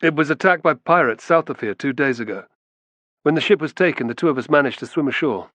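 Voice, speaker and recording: A man's voice: a little high, lively intonation, fast, a bit bright, dry recording, pitched above the performer's own voice. A man voicing a confident, earnest young soldier.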